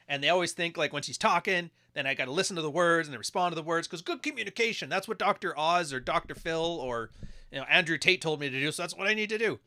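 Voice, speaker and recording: A man's voice: a little high, expressive, fast, sharp tone. A man giving crude, mocking casual commentary while reacting to videos. He keeps acting out quoted voices.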